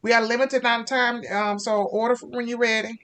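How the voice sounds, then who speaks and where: A man doing a high, rushed drive-thru girl. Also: flat delivery, a bit bright, close to an everyday voice. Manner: rushed, scripted service patter. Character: hurried young female fast-food drive-thru worker.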